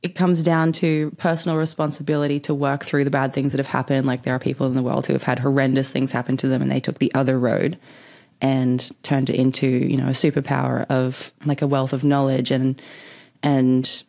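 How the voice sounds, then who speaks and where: Low-voiced woman, rambling storytelling. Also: little pitch movement, brisk, creaky, darkish tone. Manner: rambling, swears freely, says "like" constantly. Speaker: vlogger. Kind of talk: casual storytelling.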